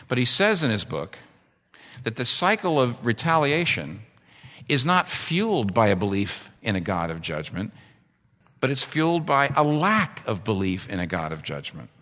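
A man's voice: mid-range voice, expressive, normal speed, sharp tone. A man preaching a sermon with passion, his voice climbing sharply when he drives a point home. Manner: impassioned, rises sharply for emphasis. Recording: long reverb of a large hall.

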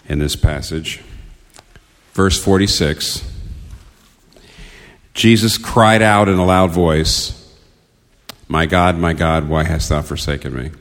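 A man's voice: a bass voice, fairly bright tone, in a large hall. A man preaching a sermon, earnest and building to impassioned questions.

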